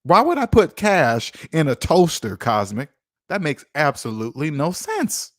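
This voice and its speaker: A man's voice: a little high, wildly swooping pitch, a little slow, fairly bright tone, dry recording, clean studio sound. A man hosting a casual finance livestream, reading viewer comments aloud and teasing them with a joking manner.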